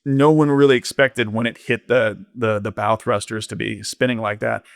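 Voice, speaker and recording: A man's voice: fairly low pitch, steady tone, moderate pace, vocal fry, dry recording, clean studio sound. A man, a podcast guest, telling an ocean-rowing story candidly, rambling with lots of fillers. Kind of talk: casual storytelling interview.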